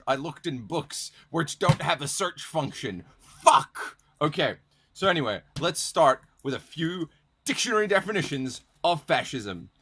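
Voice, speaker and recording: Young male vlogger, sardonic and swearing, animated delivery. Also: mid-range voice, slightly rough. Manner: profane, sardonic, reads aloud from dictionaries. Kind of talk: casual rant to camera.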